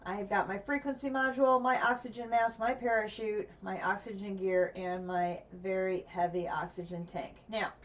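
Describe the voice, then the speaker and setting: A woman's voice: mid-range voice, fairly even intonation, normal speed, hardly any pauses, distant mic, a little hiss or hum. A woman streamer commenting on a game as she plays, thinking aloud and chatting to herself. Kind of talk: gameplay livestream commentary.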